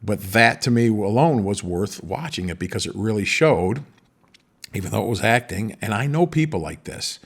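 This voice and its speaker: Husky rambling middle-aged man. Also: lowish voice, moderate pace. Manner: rambling, animated retelling with many restarts. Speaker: podcast host. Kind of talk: casual monologue.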